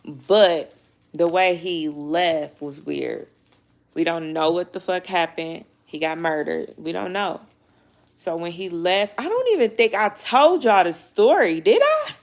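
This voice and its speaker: A woman's voice: fairly low pitch, animated, measured pace. A young woman vlogging casually, telling a personal story in a rambling, emotional way, close to tears. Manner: emotional, rambling, frequent "you know what I mean", swears. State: near tears.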